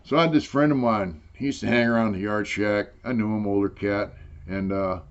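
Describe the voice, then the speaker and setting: A man's voice: on the low side, fairly quick, dull audio. An older man telling a long story in casual, rambling talk, swearing freely and saying "you know" again and again. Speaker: interviewee telling prison stories.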